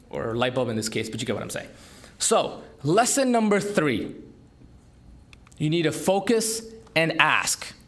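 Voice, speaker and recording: Upbeat male speaker with lively emphasis. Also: a little high. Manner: lively, emphatic delivery with rhetorical questions. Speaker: entrepreneur speaker. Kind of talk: business talk to an audience. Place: conference room.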